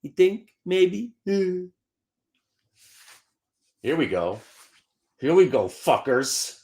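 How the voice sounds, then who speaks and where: A man hosting a live stock trading show, brash and taunting, dropping to mutters and bursting into shouts. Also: a little high, sing-song, very slow.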